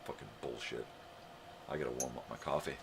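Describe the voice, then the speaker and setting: A man's voice: very deep voice, brisk, creaky, noisy background. An older American man hosting a live morning show, talking in a sarcastic, swearing rant. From United States. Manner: profane, ranting, heavy swearing; sarcastic, mocking.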